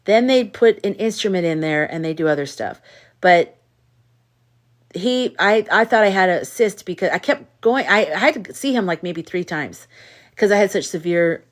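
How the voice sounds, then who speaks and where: Woman host, lowish voice, casual livestream chat, candid and outspoken storyteller. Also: animated, moderate pace. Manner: candid storyteller who reads chat comments aloud; outspoken and exasperated in anecdotes. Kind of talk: casual live chat with viewers.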